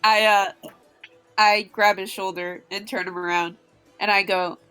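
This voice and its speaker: A woman taking part in a tabletop role-playing game, describing her character's moves with a blunt, sassy edge. Her voice is bright and forward at a middle pitch. Faint music sits under her. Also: flat delivery, a little slow. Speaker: player.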